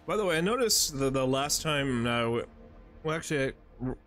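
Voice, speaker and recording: A man's voice: mid-range voice, lively intonation, brisk, a bit bright, faint music behind. A man streaming a video game, chatting to himself in casual commentary with exasperated outbursts.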